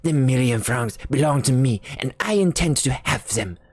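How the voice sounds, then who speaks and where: A woman voicing a middle-aged father who stammers and blusters in excitable, indignant bursts. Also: rumbling low, moderate pace, breathy edge, no echo, heavily acted. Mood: defiant.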